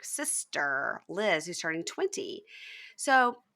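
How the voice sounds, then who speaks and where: A woman's voice: on the low side, normal speed. A woman hosting a podcast, chatting casually and acting out scenes from a reality show in raised voices over a video call. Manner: animated, acts out quotes in raised voices. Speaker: podcast host.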